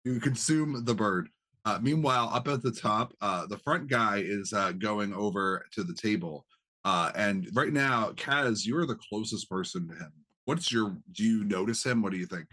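A man's voice: fairly low pitch, moderate pace, bright, forceful tone. Laid-back male game master. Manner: casual, filler-heavy narration. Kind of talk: narrating a tabletop game.

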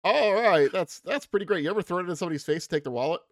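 A man playing a tabletop game, excitable and stammering. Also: sits high, rapid-fire, no room sound, studio quality. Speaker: player. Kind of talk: casual tabletop game play.

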